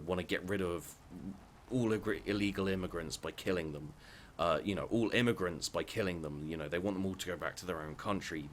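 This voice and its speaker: Blunt, sweary man with a deep voice. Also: a bit bright, slight background noise. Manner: blunt, sweary, repetitive restarts. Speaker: vlogger. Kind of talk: heated opinion rant.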